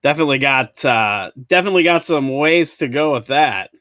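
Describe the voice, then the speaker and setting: Male podcast host, mid-pitched, relaxed, reads chat comments. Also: fairly quick, no room sound. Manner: easygoing, laughs often, reads audience comments aloud. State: clearing his throat. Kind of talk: casual live-show chat.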